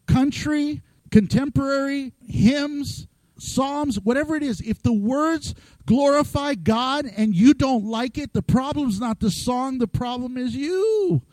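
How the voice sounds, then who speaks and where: A middle-aged man preaching a lively, joking sermon as pastor, acting out quoted voices. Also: very high-pitched, no echo, low-quality recording.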